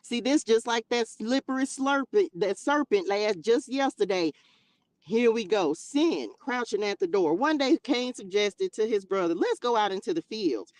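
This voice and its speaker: A woman hosting a livestream who reads scripture and adds animated, slangy, joking commentary. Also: fairly high pitch, a little slow, dry recording. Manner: animated, laughing, slangy asides. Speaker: livestream host reading scripture. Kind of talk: bible reading with casual commentary. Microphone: livestream mic.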